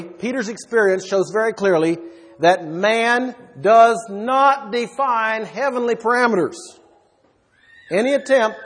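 This preacher's voice is high and husky, and he delivers an expository sermon with emphasis, asking his audience rhetorical questions. Everything he says echoes with a long, hall-like reverb.

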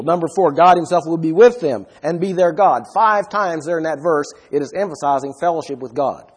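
Husky-voiced man preaching emphatically. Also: fairly high pitch, darkish tone. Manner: emphatic, asks the listeners questions. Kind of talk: sermon.

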